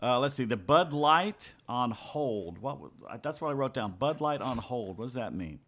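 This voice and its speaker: A man's voice: mid-range voice, big pitch swings, moderate pace, fairly bright tone. A man co-hosting a radio talk show, telling casual stories in an easygoing way with dry asides. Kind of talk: casual chat.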